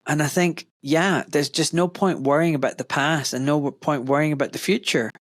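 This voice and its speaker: A man's voice: on the high side, normal speed, few pauses, no room sound. A middle-aged man hosting a podcast interview, talking in an enthusiastic, rambling way. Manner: enthusiastic, rambling, animated retelling. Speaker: podcast host. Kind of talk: casual interview chat.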